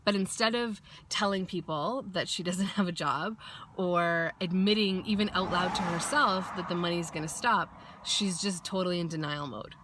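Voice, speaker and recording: A woman's voice: lowish voice, normal speed, background noise. Woman vlogger, casual pep talk, blunt and sweary, acts out quotes.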